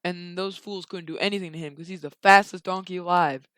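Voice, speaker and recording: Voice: mid-range voice, steady tone, fairly quick, fairly bright tone, dry recording. A young video creator casually retelling a story while drawing, rambling along with slangy asides.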